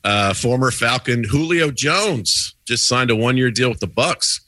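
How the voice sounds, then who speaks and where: A middle-aged man, a comedian, telling dry deadpan jokes and anecdotes in casual banter over a video call. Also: mid-range voice, measured pace, no room sound. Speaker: comedian guest. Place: apartment room.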